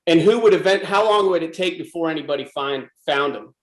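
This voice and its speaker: A man's voice: on the high side, brisk, echoey room, low-quality recording. A middle-aged American man giving an intense, emphatic personal talk to a club audience. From USA. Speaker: speaker at a club presentation.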